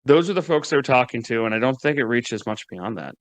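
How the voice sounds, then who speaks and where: A man's voice: mid-range voice, expressive, fairly quick, no room sound. A man giving casual political commentary, wry and mocking, often restarting his words.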